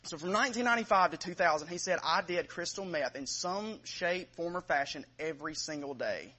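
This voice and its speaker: A man preaching a sermon, retelling a story in lively fashion and dropping his voice low for quoted speech. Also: fairly quick.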